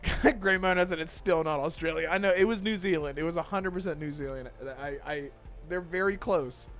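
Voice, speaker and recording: A man with a fairly high voice hosts a casual gaming podcast, talking in loose, rambling stretches with plenty of restarts. Faint music runs quietly behind him. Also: normal speed. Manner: rambling, with restarts and chat shout-outs. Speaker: podcast host.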